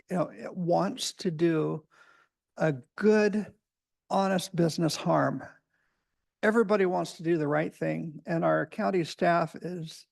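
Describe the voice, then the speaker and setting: A man chairing a county planning meeting, plainspoken, speaking with fillers and pauses. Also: a little high, gravelly, darkish tone, no room sound. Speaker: commission chair.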